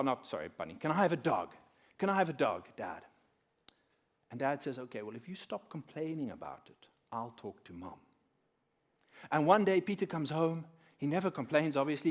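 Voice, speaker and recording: A young adult man telling a story to an audience at a workshop, animated and acting out the characters as he speaks. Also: fairly high pitch. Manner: animated, acting out quoted characters with big swings in loudness. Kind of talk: lively storytelling talk to an audience. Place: conference room.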